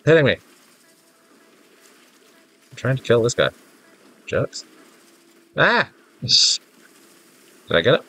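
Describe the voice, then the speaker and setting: Speaking slowly in a sing-song, medium-pitched voice, this gaming YouTuber sounds husky and congested, with a bright, forceful tone and long pauses. His casual commentary rambles, mocks himself, and gets flustered easily. Faint game music sits behind him.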